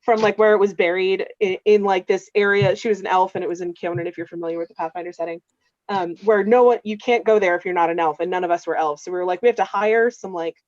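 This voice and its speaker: A woman's voice: lowish voice, steady tone, fast talker, darkish tone, no room sound, highs cut off. A woman chatting casually on a video call, telling long game stories full of fillers. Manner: rambling, filler-heavy storytelling. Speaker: game master staff member. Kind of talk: casual chat on a livestream.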